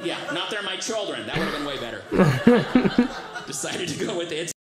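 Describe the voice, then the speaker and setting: A man doing a stand-up comedy set, telling self-mocking stories in a deadpan way. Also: on the high side, moderate pace. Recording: echoey stage with live audience crowd.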